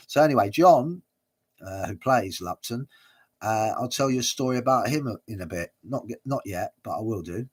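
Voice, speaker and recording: A man's voice: medium pitch, animated, a little slow. A man hosting a watch-along livestream, giving casual, hesitant commentary full of uhs and chuckles.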